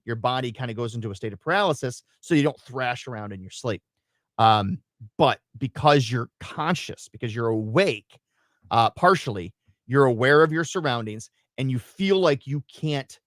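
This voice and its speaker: Animated man telling a story on air. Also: medium pitch, dry recording, clean studio sound. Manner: animated storytelling, acts out his own screams and quotes. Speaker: radio show co-host. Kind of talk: casual live-stream chat.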